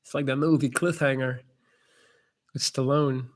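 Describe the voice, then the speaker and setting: A man's voice: mid-range voice, fairly even intonation, a little slow. A young man hosting a casual live-stream chat, answering viewers' questions in a blunt, laid-back way and calling people "man".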